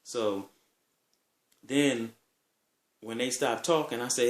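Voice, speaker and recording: A man's voice: medium pitch, slow pace, pauses often. Laid-back man telling stories, echoey room. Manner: laid-back, profane, rambling. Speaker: vlogger. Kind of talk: casual storytelling.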